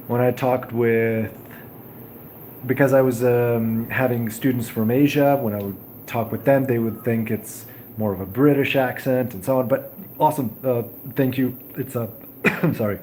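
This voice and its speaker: A young man from Serbia hosting a casual live stream, chatting and answering viewers with many pauses and restarts. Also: mid-range voice, a little mellow, slight background noise. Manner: hesitant, many ums and restarts; friendly, thanks viewers often. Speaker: livestream host. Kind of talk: casual live chat reading viewer comments.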